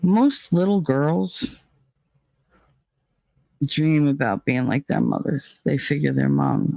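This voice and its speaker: Gravelly-voiced woman chatting casually. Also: deep voice, sing-song, slow, long pauses, a little mellow, no echo. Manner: rambling, swearing, laughing often. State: dizzy, shaky after a panic attack. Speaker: streamer chatting with viewers. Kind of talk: casual live-stream chat.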